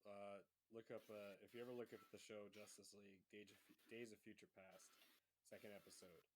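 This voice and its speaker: A young man chatting casually as a co-host, excitable and quick to gush about shows he loves. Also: fairly low pitch. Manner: chatty, excitable fan talk. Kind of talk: casual chat. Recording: faint background noise.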